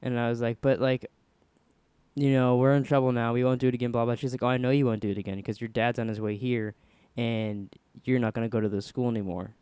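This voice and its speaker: Young man telling a story, smooth voice. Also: quick pace, dry recording. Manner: animated, voices quoted people with pitch jumps. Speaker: podcast host. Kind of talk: casual storytelling.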